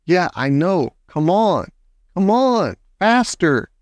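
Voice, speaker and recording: A man's voice: a little high, very animated, slow, clear, resonant tone, dry recording, clean studio sound. A man voicing a cautious, bookish young boy in a storybook reading, anxious and grumbling. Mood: worried. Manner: anxious, grumbling, then urgent yelling.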